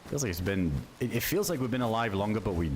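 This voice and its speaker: A man with a low, deep voice talks loosely through a survival game livestream, reacting to viewers and cursing offhand. There is a steady hiss of background noise under his voice. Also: fast talker. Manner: relaxed, chatty, swears casually, reacts to chat. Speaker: game streamer. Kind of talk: casual livestream commentary.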